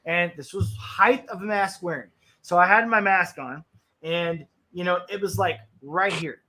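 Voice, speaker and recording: A man hosts a blunt talk stream, and his voice sits high and sounds bright and sharp. He tells his stories with animated, profane energy and trips over repeated words when he gets heated. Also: measured pace, a little hiss or hum. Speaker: stream host. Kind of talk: blunt casual storytelling.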